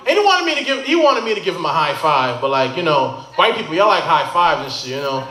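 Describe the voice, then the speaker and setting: A man doing a stand-up comedy set at a brewery bar, telling stories with animated delivery and quick punchlines on a handheld mic. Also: fairly high pitch, crowd noise. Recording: echoey noisy bar room.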